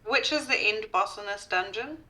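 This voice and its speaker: A woman's voice: medium pitch, normal speed, sharp tone, poor audio. A woman from New Zealand with a New Zealand accent, chatting casually and joking while playing a game. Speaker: guest player. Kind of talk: casual gaming chat.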